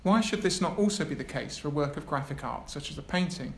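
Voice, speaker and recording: A man's voice: a little high, expressive, fast. A man gives an academic lecture, reading a prepared text with hesitant asides. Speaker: academic speaker. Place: lecture room. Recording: echoey room, faint background noise.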